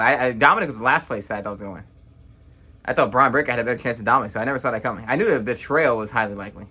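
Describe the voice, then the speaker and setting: Casting note: young man, bright forceful tone, blunt rambling reaction vlogger. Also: mid-range voice. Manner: blunt, rambling, quick to judge. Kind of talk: casual opinionated recap.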